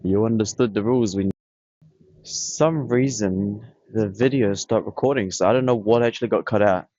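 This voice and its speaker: Man, fairly deep voice, blunt casual monologue to camera, muffled lo-fi sound. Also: normal speed, warm tone, no room sound. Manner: blunt, dismissive, repetitive. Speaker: vlogger. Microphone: camera on tripod.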